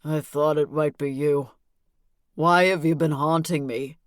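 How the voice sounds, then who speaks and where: A woman's voice: low-pitched, steady tone, a little slow, no echo, studio quality. Woman voicing a shaky, remorseful older man. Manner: pleading, shaky. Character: tearful guilt-ridden older man.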